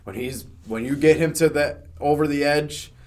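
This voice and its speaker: A man who is a guest on a podcast, telling a band story in a casual, animated way, swearing freely and restarting often. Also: a little high, normal speed.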